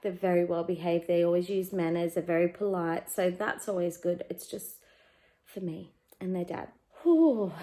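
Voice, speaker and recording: Chatty Australian mum vlogging from home. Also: female voice, on the low side, low-quality recording. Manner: candid and chatty, turns quiet and emotional about parenting. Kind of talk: casual chatty life update. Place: at home, in her living room.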